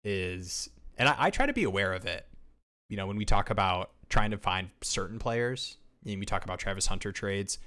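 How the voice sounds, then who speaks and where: Male live-stream co-host, low register, energetic and rambling. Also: moderate pace. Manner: energetic, reads viewer comments aloud, many restarts. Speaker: podcast co-host. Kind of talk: casual livestream chat.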